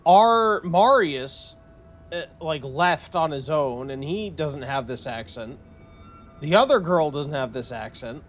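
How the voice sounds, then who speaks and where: A man's voice: a little high, a little hiss or hum. A man streaming a video game, commenting casually and thinking aloud with lots of restarts and fillers.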